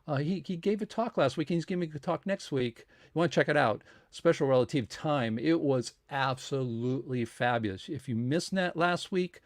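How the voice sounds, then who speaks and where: A man's voice: on the high side, expressive, moderate pace, hardly any pauses, no room sound. Rambling man hosting a talk series. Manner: rambling, with many fillers, restarts and asides. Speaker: host of a science society talk series. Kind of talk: casual spoken introduction and appeal for donations.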